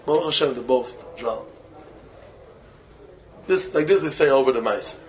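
A man, a rabbi, giving a Torah lecture in English full of Yiddish and Hebrew terms, with non-native phrasing, slowing to chant key phrases and breaking into sudden high exclamations. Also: a little hiss or hum, poor audio. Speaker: rabbi teaching students. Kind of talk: Torah lecture to young men.

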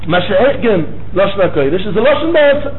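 Lively high-voiced man giving a Talmud lecture. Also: racing. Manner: mixes English, Yiddish-German and Hebrew terms, repeats phrases. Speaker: Torah teacher. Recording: tinny phone-line recording with faint hiss.

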